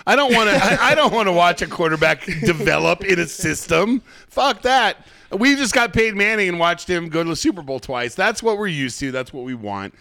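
Man, co-host, blunt, emphatic, swears, slightly high voice, dry sound. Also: lively intonation, a little fast, vocal fry, few pauses, sharp tone, no room sound. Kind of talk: casual sports chat.

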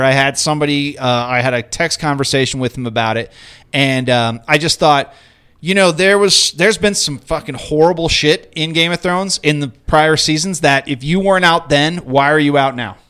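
Rambling, swearing podcast host. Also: male voice, on the high side, normal speed, fairly bright tone, clear, resonant tone. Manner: rambling, profane, opinionated. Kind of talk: casual chat.

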